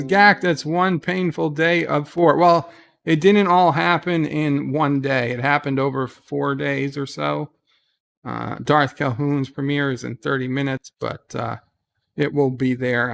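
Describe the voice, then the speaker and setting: A man's voice: a little high, gravelly, fairly bright tone. A man hosting a casual livestream from bed at home, reading viewer comments aloud and chatting about them with frequent fillers and restarts. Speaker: livestream host.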